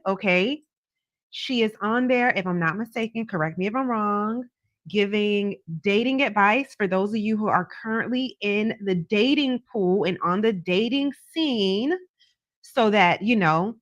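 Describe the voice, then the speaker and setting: A woman with a mid-range voice hosts a tarot reading livestream, chatting casually and animatedly while answering viewers' comments. The audio has no echo and comes from a camera on a stand.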